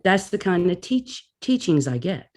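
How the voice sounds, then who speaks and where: Woman guest, casual storyteller, animated, plays out her reactions. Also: on the low side, moderate pace, a little hiss or hum.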